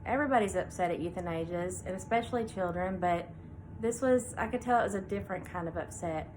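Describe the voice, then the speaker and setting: A woman veterinarian hosting her own show, talking casually about faith and reading scripture aloud between thoughtful pauses. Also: lowish voice, darkish tone, a little hiss or hum, rough recording. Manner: conversational with fillers, reads scripture aloud. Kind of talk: casual devotional talk.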